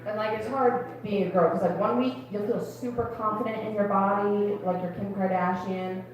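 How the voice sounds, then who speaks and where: A woman's voice: medium pitch, steady tone, very echoey, recorded from a distance, highs cut off, a crowd in the background. A young woman doing chatty, confiding stand-up comedy at an open mic in a club. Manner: chatty, confiding, quick asides.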